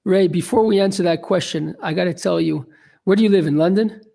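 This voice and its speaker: A man's voice: sits high, a little fast, vocal fry, dark tone. A man hosting a casual chat, upbeat and enthusiastic as he introduces guests and banters. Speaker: host.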